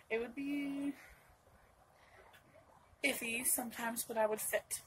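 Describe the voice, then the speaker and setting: Young woman from norcal rambling thru a story on her vlog, kinda high voice, bit of faint noise behind. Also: steady tone, slow, long pauses, poor audio. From Northern California. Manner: rambling, with many restarts and asides. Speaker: vlogger. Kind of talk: personal storytelling to camera.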